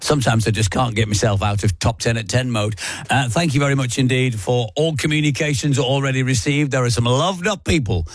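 A man's voice: medium pitch, a little fast, dry recording. A man presenting live radio, reading out listener messages in a chatty, self-mocking way and chuckling often. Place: radio studio.

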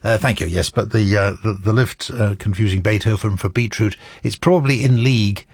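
A male radio presenter talks on air from a studio, his low voice slightly husky and dry. He chats casually and wryly, stumbling through fillers and restarts as he goes. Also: fairly quick, no room sound. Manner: hesitant, full of fillers and restarts, wry.

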